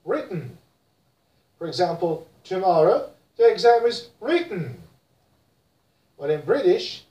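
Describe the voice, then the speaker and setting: This is a pronunciation teacher leading a classroom drill at an unhurried pace, saying every word several times over. The voice is mellow and rises and falls a lot. It is recorded from some distance in an echoey room. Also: mid-range voice, very animated. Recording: roomy and distant from the mic.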